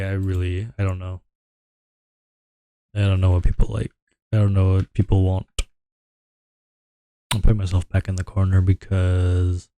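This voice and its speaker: Male streamer, casual rambling chat, very low flat voice, dry close sound. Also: dry recording. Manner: meandering, mumbling, trailing off.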